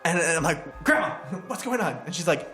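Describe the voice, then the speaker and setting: Animated young man telling a story. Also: on the high side, fairly quick, faint music behind. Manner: animated, laughing, acts out quotes. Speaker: podcast guest. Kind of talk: casual storytelling chat.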